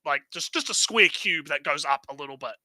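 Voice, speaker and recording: Man co-host, casual stream chat, sharp tense tone, fairly high voice, rambling and repetitive. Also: fairly quick, no echo, poor audio. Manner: rambling, tags lines with "right?"; repeats words when starting phrases.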